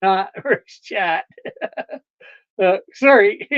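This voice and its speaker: A woman's voice: mid-range voice, drawn-out words, no room sound, lo-fi sound. A woman hosting a livestream, chatting casually with viewers, rambling and laughing often. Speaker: livestream host.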